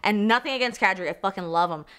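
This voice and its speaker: A young woman from Canada chatting excitedly as a sports vlogger, swearing freely, repeating herself and trailing off mid-thought. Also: medium pitch, quick pace, clean tone. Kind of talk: excited casual vlog chat.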